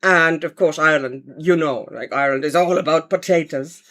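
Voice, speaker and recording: A woman's voice: deep voice, normal speed, a bit bright. A woman from Estonia, chatting casually at home on a livestream while colouring and answering viewer comments. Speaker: livestream host, colouring artist.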